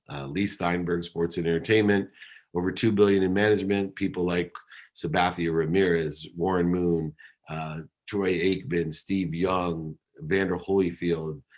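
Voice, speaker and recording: Middle-aged male keynote speaker, lowish voice, dramatic storyteller. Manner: dramatic storytelling, acts out quoted dialogue.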